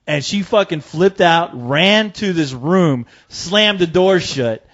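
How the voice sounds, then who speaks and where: A man in casual podcast chat, spinning an animated, profane yarn with easy laughs. His voice sits slightly high. The recording sounds dull and lo-fi. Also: slow pace. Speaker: co-host.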